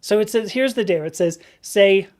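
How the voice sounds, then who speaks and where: A chatty woman in her fifties hosts a live stream in a loose, rambling way. She laughs often and keeps circling back to restart her thoughts. Her pitch sits in the middle range for a woman. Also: fast, darkish tone. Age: 50s. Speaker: livestream host. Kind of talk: casual live-stream chat.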